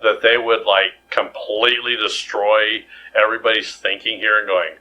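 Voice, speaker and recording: A man's voice: lowish voice, level tone, normal speed, few pauses, bright, forceful tone, slight background noise, poor audio. A man co-hosting a podcast in casual chat, rambling and jokey with many restarts. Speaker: podcast co-host.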